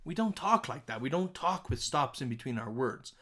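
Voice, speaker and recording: A man teaching a music composition lesson, repeating words aloud to show their pitch and often checking in with "okay?". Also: normal speed. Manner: animated, sing-song emphasis. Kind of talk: recorded classroom lesson.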